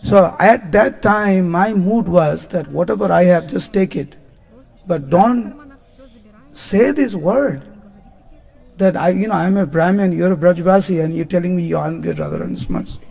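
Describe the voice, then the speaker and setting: A man, telling devotional stories as a spiritual teacher, animated and often laughing as he acts out what people said. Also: sits high, normal speed, vocal fry. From India. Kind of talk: devotional storytelling lecture. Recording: long hall reverb.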